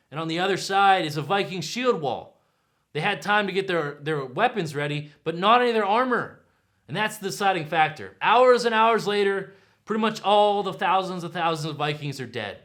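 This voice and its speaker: A man hosts a history show with excitable energy, often checking in with his viewer. His voice sits high and swoops widely. The tone is bright and forward. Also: normal speed. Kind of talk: animated storytelling to camera.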